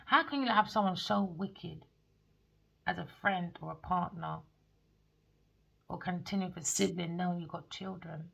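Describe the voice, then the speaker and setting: Lady doing a tarot reading, super gravelly, sharp bright tone, blunt, swears a lot. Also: fairly low pitch, moderate pace, long pauses, low-quality recording. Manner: blunt, excitable, swears freely. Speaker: tarot reader.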